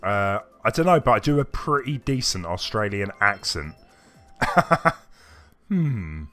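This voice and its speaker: A man's voice: on the low side, big pitch swings, slow, fairly bright tone. A British man live-streaming a game and chatting with viewers, feeling unwell and coughing now and then. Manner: rambling, chatty, answers chat by name. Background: faint game music.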